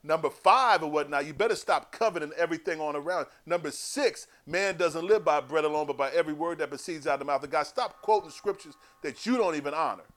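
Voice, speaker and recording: A man preaching voices a blunt, mocking male prophet who scolds a crowd with rapid-fire accusations. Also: fairly high pitch, fairly bright tone, lightly acted. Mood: scolding.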